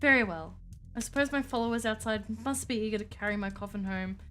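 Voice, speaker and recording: A woman voicing a lonely ancient female vampire who speaks in a haughty, archaic, calmly menacing way. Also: medium pitch, quick pace, faint music behind, close to an everyday voice.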